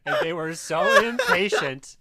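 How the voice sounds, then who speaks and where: A man co-hosting a casual comedy podcast, animated and full of restarts. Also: high-pitched, measured pace, gravelly, noisy background. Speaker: podcast co-host.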